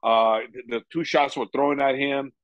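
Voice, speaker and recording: A man's voice: mid-range voice, fairly even intonation, normal speed, dry recording. A man who coaches fighters, speaking in a casual interview, rambling and repeating "you know" often. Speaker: MMA coach. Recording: dull lo-fi sound.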